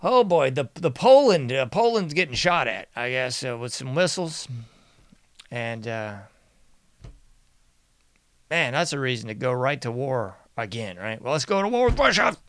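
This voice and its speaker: A man's voice: mid-range voice, sing-song, moderate pace, pauses often, fairly bright tone. A male commentary host talks with sarcastic, mocking energy. He often laughs and slips into sing-song refrains. The sound is dry, with no room echo. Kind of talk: casual political commentary.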